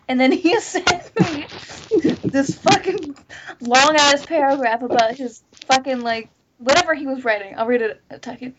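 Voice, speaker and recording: On a lo-fi, muffled recording, a podcast host with a high voice at normal speed spins stories for a casual group chat. She swears liberally, stays animated, and fills nearly every line with "like".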